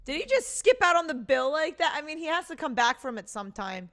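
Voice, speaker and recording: A woman streaming a game, reacting excitably and swearing in surprise. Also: sits high, fairly quick, few pauses. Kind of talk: let's play reactions. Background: game music.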